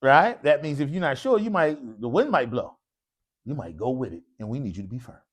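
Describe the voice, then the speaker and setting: Animated man quizzing an Arabic class. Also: mid-range voice, brisk. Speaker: Arabic teacher. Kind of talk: classroom lesson. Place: mosque classroom.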